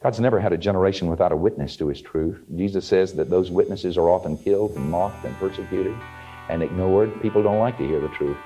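A man's voice: sits low, a little fast, dark tone, faint music behind. A man preaching a sermon with emphatic delivery, rising to strong peaks. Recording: dull archival sermon tape.

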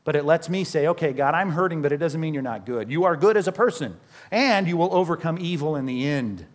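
A man, a pastor, preaching a sermon in a conversational way, asking the congregation questions and slowing down to stress scripture. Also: fairly high pitch, expressive.

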